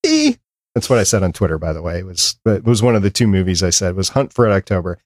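A man's voice: sits low, fast talker, dry recording, clean studio sound. A man hosting a casual fan podcast, chatting with enthusiasm and wrapping up the show. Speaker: podcast host.

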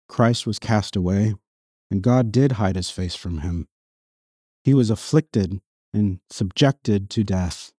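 A man preaching a sermon as pastor, reading scripture aloud in an earnest voice that swells on emphatic lines and drops low and quiet on solemn ones. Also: slow, husky, no echo, studio quality. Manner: reads scripture passages aloud within the sermon.

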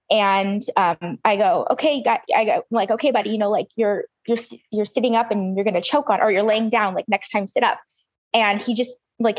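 A mother telling a personal story in a casual, halting way, with many fillers and restarts. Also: mid-range voice, no echo, highs cut off.

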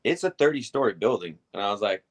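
Animated, swearing storyteller man. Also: lowish voice, quick pace. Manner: swearing, animated retelling with acted-out quotes. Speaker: guest telling stories. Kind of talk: casual storytelling.

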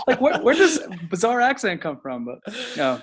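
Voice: medium pitch, noisy background. Playful middle-aged interviewer. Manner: friendly, playful, asks questions with laughs. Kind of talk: casual interview chat.

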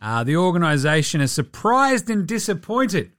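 An Australian man hosting a basketball talk show, chatting casually with profane jokes and quick asides. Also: sits high, sing-song, a bit bright, no room sound, faint music behind. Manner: profane, joking, rapid asides. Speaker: basketball podcast host. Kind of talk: casual sports chat.

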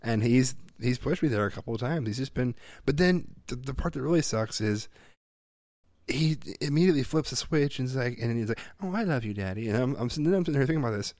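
A man, a father, co-hosting a casual chat, telling animated stories, swearing freely and mimicking voices. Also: medium pitch, fast, dry recording, studio quality. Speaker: podcast co-host, father.

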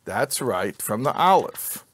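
A man's voice: mid-range voice, sing-song, slow, fairly bright tone, slightly rough. A man teaching an informal Bible class to a live group, joking and quizzing his listeners. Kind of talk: informal Torah class with audience.

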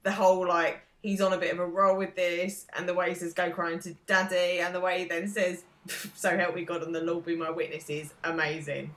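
A woman's voice: on the low side, flat delivery, brisk, fairly bright tone. A woman in her thirties co-hosting a podcast, chatting thoughtfully and hedging her views. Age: 30s. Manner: thoughtful, hedging, laughs easily. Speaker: podcast co-host. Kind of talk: casual chat. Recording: roomy echo.

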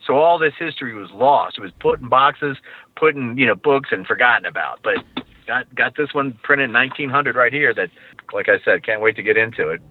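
A man's voice: medium pitch, brisk. A male guest on a casual podcast, talking eagerly and at length about collecting grills and books, with many restarts. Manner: enthusiastic, rambling with restarts. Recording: dry, phone-like line.

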